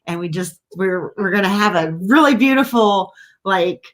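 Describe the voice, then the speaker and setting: A woman hosting a podcast in casual chat, telling stories in an animated, self-mocking way. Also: medium pitch, normal speed. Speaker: podcast host.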